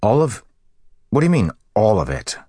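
A man's voice: low-pitched, very animated, moderate pace, no room sound, studio quality, pitched above the performer's own voice. A man voicing a grumbling, sarcastic young rogue in an audiobook. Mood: incredulous. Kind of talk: audiobook character voice.

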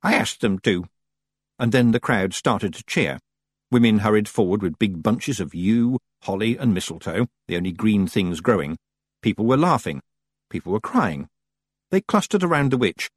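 Husky, expressive male storyteller. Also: on the low side, moderate pace, no echo. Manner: expressive, wide-ranging delivery. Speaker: audiobook narrator. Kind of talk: storybook narration.

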